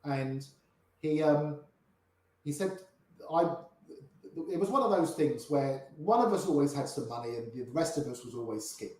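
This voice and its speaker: A fairly high, slightly mellow, expressive voice at a moderate pace belongs to an older poker player with grey hair. Interviewed for his stories, he tells poker anecdotes and plays the parts of the people he quotes, with an echo in the room.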